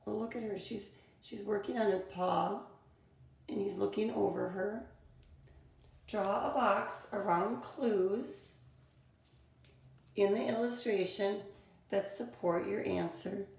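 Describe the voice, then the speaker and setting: Gravelly-voiced woman teaching a reading lesson. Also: medium pitch, slow pace, pauses often, a little mellow, echoey room. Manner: reads text aloud and explains step by step.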